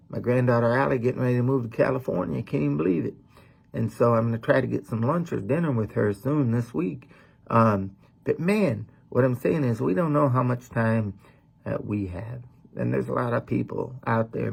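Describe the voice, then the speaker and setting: A man's voice: mid-range voice, creaky, a little mellow, breathy edge. A middle-aged man preaching a sermon as a pastor, talking in a folksy, conversational way with lots of "man" and "you know.".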